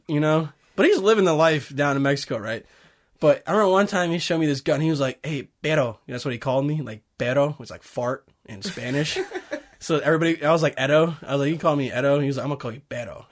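A young man telling a rambling story in casual chat, swearing often and laughing through it. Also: on the high side. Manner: profane, laughing, animated storytelling.

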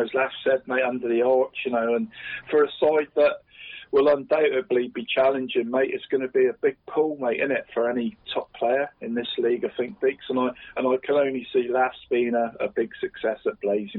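A man chats loosely on a podcast, padding every thought with "mate" as he goes. His voice is husky, and the recording is dry and thin, like a phone line. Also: medium pitch, level tone, brisk, no room sound. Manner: says "mate" constantly, rambling. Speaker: podcast co-host. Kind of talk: casual chat.

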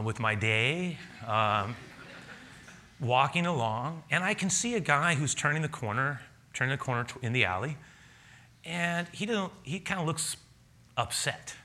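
A man preaching a sermon, telling a personal story with lively laughter and acted-out dialogue. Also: mid-range voice. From a city. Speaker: pastor.

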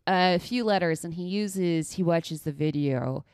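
A young woman co-hosting a casual movie podcast, talking in an animated way with laughs and quick asides. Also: lowish voice, smooth, no echo, clean studio sound. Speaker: podcast co-host.

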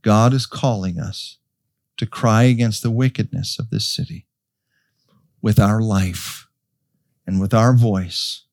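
A man preaching a sermon as pastor of a church, slow and emphatic, rising to strong peaks as he calls out to his congregation. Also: mid-range voice. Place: church sanctuary. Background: soft piano.

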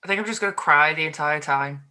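A woman's voice: deep voice, fast, pushed and bright. A young woman co-hosting a casual chat podcast, playful and teasing. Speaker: podcast co-host.

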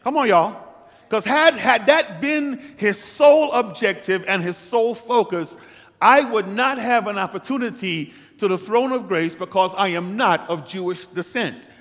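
A high-pitched male pastor delivers a sermon in a church sanctuary, repeatedly calling the congregation to answer back. His voice climbs louder and higher when he presses a point, and a long hall reverb trails every phrase. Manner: preaching with call-and-response to the congregation; rises in pitch and volume when urging the room.

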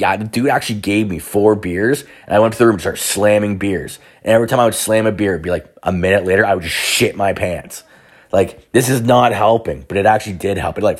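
A young man telling a rambling, profane personal story in casual chat. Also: on the low side. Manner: profane, rambling, many restarts and fillers.

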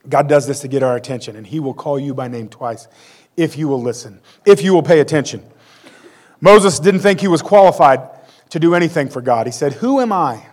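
A man's voice: fairly high pitch, darkish tone. A man in his forties preaching a conversational sermon with self-deprecating humor. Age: 40s. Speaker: pastor.

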